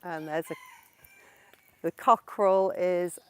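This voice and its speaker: Slow, clear woman teacher. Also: fairly low pitch. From England. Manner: slow, clear and explanatory, answering viewer questions. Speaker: English teacher. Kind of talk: casual live-stream lesson while walking. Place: outdoors in the countryside. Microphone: portable mic while walking.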